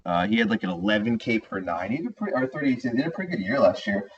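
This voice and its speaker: A man's voice: lowish voice, very fast, slightly rough. A man co-hosting a podcast in casual sports chat, ranting animatedly and calling people "dude" and "bro.". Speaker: podcast co-host. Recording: dull lo-fi sound.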